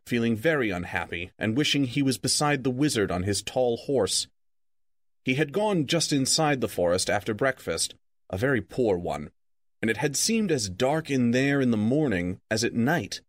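A man reading a novel aloud as a radio story reader, in an even, measured storytelling manner. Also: mid-range voice, no room sound, clean studio sound.

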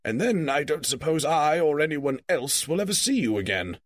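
A man reading a story aloud, voicing a brisk, teasing old wizard in a lively, raised voice. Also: on the high side, voice pushed up, close to an everyday voice. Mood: warning.

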